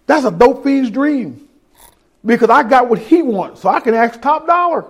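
A middle-aged man giving his testimony as a sermon, telling a story and acting out the voices of others, swinging between hushed and loud. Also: extremely high pitch, lively intonation, moderate pace.

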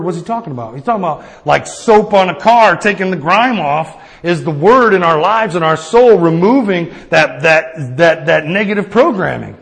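A man preaching a sermon in a casual, conversational way, often checking in with the listeners with a quick "right?". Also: fairly high pitch, lively intonation, gravelly. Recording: long reverb of a hall.

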